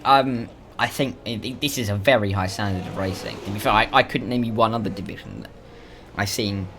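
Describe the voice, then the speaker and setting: A young man doing casual commentary on a sim racing stream, measured and hedging, often saying 'to be fair'. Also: on the low side, background noise. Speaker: race commentator.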